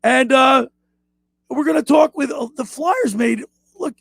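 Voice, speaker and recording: Gravelly, high-voiced radio host, excitable. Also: male voice, measured pace. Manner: excitable, animated storyteller. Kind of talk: casual sports radio chat. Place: radio studio.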